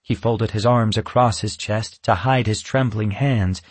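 Husky man narrating a storybook. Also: fairly low pitch, a little slow, hardly any pauses, no echo.

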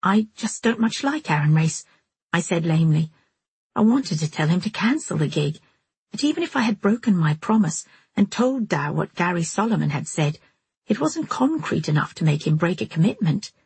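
Husky low-voiced woman narrator. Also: very animated, normal speed, a little mellow, dry recording. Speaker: audiobook narrator. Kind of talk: scripted first-person narration.

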